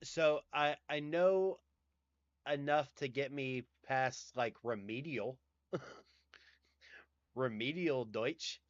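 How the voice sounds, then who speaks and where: Slow-talking Southern US man. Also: mid-range voice, no echo, muffled recording. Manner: rambling, swears casually. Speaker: livestream host. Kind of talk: casual chat.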